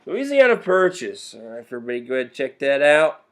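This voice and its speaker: Animated man teaching a history class. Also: mid-range voice, fast. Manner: animated, playful, slangy asides to students. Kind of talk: classroom lecture.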